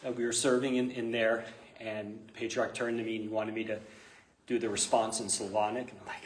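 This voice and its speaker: A man's voice: medium pitch, fairly even intonation, fairly quick, noisy background. A man, a priest, teaching a parish class in a casual, chatty way, laughing often and telling stories. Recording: echoey room, live stream.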